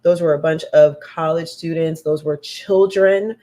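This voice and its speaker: A woman's voice: low voice, steady tone, unhurried, dark tone. A woman hosting a talk show, chatting casually with her listeners and repeating points for emphasis. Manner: chatty, addresses listeners as "y'all", emphatic repetition. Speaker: host.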